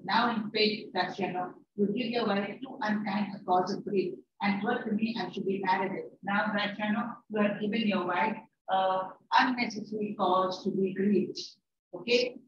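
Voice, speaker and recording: A woman teacher giving a classroom lecture. She paraphrases the lines she reads, repeats herself and scolds her students. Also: mid-range voice. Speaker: English teacher. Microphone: distant room mic. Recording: echoey, distant, dull and noisy.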